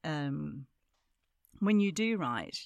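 A woman hosting a casual interview, chatty and quick to laugh, with many restarts. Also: sits low, lively intonation, creaky, a little mellow, clear, resonant tone, no echo. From Australia. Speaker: podcast host.

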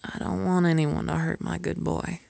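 A woman's voice: fairly low pitch, level tone, normal speed, vocal fry, darkish tone, dry recording. A woman in an audio role-play, speaking as a caring mistress to the listener, by turns scolding and tender, often dropping to a whisper.

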